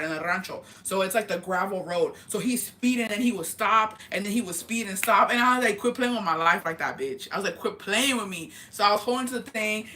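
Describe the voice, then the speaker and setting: Young woman doing a storytime vlog, bright voice, talks super fast and curses a lot. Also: medium pitch, a little hiss or hum. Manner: animated, profane, rapid storytelling. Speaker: vlogger.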